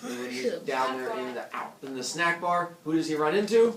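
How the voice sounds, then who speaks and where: A man's voice: fairly high pitch, animated, a little fast, background noise. A male teacher recapping a book with his class, quizzing students in a chatty way. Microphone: camera at a distance. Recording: echoey classroom, mic far off, students chattering.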